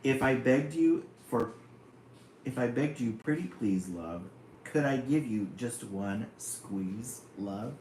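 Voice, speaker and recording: Guy reading a mopey lovesick turtle begging his sweetheart, slow, little faint hum behind. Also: medium pitch, expressive, a little mellow. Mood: pleading. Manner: tender, pleading, sing-song. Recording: roomy room, faint hum.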